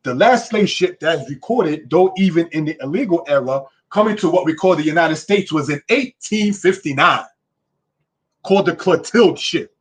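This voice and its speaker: A man's voice: on the high side, expressive, normal speed, husky. A man teaching a history lesson in an emphatic, preacherly way, often checking in with his listeners. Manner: repeats "you understand?" and "brothers and sisters".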